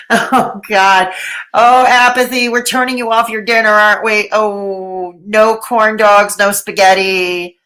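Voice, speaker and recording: A woman's voice: medium pitch, fairly bright tone. Sarcastic woman hosting a stream. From Canada. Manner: sarcastic, chatty, laughs often. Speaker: commentary livestream host. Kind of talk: live stream reading chat aloud.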